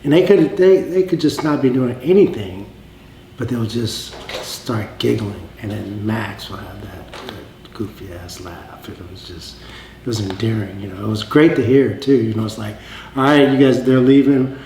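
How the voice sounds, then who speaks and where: A man reminiscing in a documentary interview, telling stories with restarts and fond pauses. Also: fairly low pitch. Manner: warm storytelling with restarts. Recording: echoey room with faint noise.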